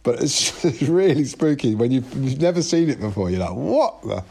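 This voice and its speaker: A man's voice: mid-range voice, very animated, fairly quick, darkish tone. A man talking as an interview guest over a video call, rambling and self-interrupting, swearing freely.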